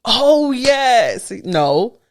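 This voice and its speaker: This woman co-hosts a podcast, telling stories in casual chat and animatedly acting out the quotes. Her voice sits a little high and moves very slowly, recorded in a clean studio with no echo.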